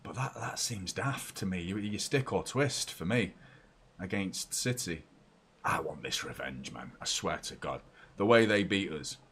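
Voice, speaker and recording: A young man hosting a live football watchalong from home, chatty and excitable, moving between loud cheers and quiet muttering. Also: low voice, measured pace, a little hiss or hum. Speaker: football fan channel host. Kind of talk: live match watchalong commentary. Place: home room with door open and a fan.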